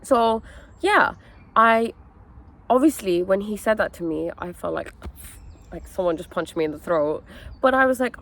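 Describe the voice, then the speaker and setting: A woman's voice: mid-range voice, normal speed, pauses often. Earnest young woman telling a personal story. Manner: earnest and animated, with many fillers and "okay?" asides. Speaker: wellness content creator. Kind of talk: candid personal storytelling vlog.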